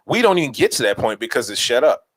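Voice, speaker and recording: New orleans guy on a podcast, talks it out, repeats himself, regular pitch. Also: quick pace, poor audio. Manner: animated, repeats himself, plays out bits in voices. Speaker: podcast co-host. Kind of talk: casual podcast chat.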